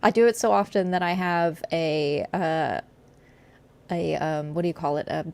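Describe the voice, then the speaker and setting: A woman's voice: on the low side, steady tone, normal speed, vocal fry, a little mellow, smooth. A woman co-hosting a gaming podcast, chatting in a wry, conversational way and often laughing. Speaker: podcast co-host. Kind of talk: casual podcast chat.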